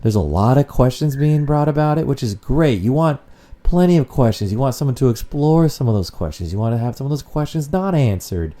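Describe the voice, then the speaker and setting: A man's voice: mid-range voice, animated, fairly quick, dark tone. A man co-hosting a casual podcast, rambling and swearing freely as he chats. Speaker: podcast co-host.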